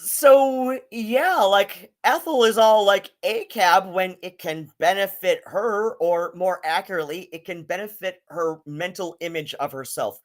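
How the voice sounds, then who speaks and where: A man's voice: high voice, measured pace, hardly any pauses. A man hosting a casual live-stream commentary, rambling and swearing, with many fillers and restarts.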